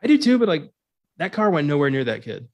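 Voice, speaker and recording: A man's voice: a little high, big pitch swings, a little mellow. A man co-hosting a casual movie talk show, who laughs often and acts out lines from scenes. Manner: laughing often, acts out quotes in quick bits. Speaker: podcast co-host.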